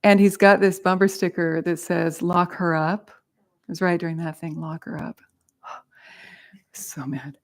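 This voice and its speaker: Woman dharma teacher, lowish voice, candid and quick to laugh, swears in her stories. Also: fairly even intonation. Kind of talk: dharma talk with personal stories.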